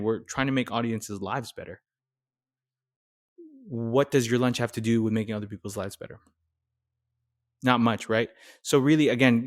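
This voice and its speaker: Energetic man coaching new creators. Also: mid-range voice. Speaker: nurse content creator. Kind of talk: casual how-to talk.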